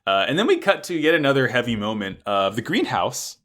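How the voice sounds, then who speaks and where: A man's voice: medium pitch, brisk. A man co-hosting a podcast, recapping an anime episode in casual chat and acting out the characters' lines. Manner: animated, acts out characters' lines while recapping. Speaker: podcast co-host.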